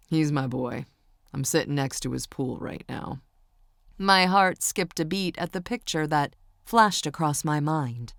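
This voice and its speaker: A woman reads a first-person romance audiobook in a low voice with a touch of vocal fry. Her delivery is steady and intimate. The recording is close and dry, made in a studio booth. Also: dry recording. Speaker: audiobook narrator.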